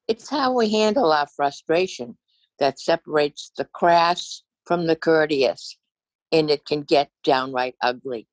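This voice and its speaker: A woman's voice: sits low, no room sound, low-quality recording. An older woman from Massachusetts reading her own humorous essay aloud with a wry, dry storytelling manner. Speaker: essay reader.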